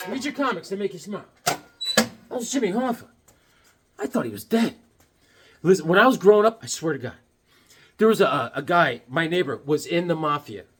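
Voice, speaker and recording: Middle-aged guy, high bouncy voice, jokey and hyped, chatting right at the camera. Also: husky. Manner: excitable, joking, talks to the viewer. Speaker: comic collector vlogger. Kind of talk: casual show-and-tell vlog.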